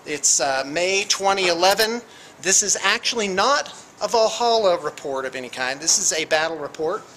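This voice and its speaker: A man's voice: high-pitched, expressive, normal speed, sharp tone, low-quality recording. A man hosting a tabletop battle report, chatting casually as he films it on a camera in a game store. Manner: chatty, rambling, self-deprecating. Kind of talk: casual running commentary. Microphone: handheld video camera. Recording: camera mic with clear background noise.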